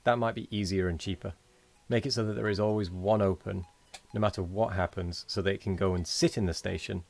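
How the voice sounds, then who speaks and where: A man's voice: low voice, fairly even intonation, brisk, gravelly, darkish tone. A man hosting a late-night game live stream, tired and rambling as he thanks viewers and chats with his co-player. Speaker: streamer host. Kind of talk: casual live-stream chat.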